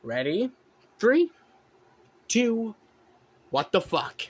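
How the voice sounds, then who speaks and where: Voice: mid-range voice, big pitch swings, drawn-out words, slightly rough. A vlogger ranting indignantly at viewers in a profane reaction commentary.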